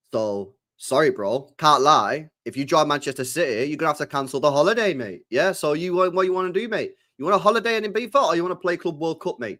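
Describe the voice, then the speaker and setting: A young man hosting a casual football live stream, loose and chatty, full of slang, swinging from loud bursts to mumbles. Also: mid-range voice. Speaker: football channel host.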